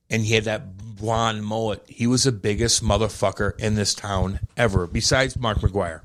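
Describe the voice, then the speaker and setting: A young man with a St. co-hosting a podcast, swearing freely and telling stories with lots of energy. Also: lowish voice. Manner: profane, animated storytelling. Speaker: podcast co-host. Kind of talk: casual chat.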